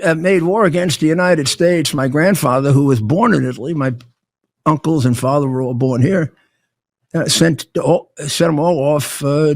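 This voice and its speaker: An older man speaking in a casual monologue. He talks haltingly, with many restarts and stammered words. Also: a little high, vocal fry.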